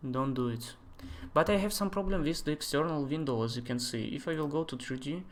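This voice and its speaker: A man in his twenties, not a native English speaker, thinking aloud and chatting with viewers during a live software tutorial. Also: on the high side, brisk. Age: 20s. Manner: thinks aloud, chatty asides, answers chat questions. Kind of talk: live screen-share tutorial.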